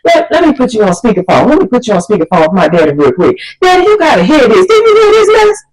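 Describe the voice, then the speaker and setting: Woman putting on her smooth-talking teen bf, slangy, pleading it off. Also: a little high, wildly swooping pitch, fast, darkish tone, pitched above the performer's own voice, poor audio.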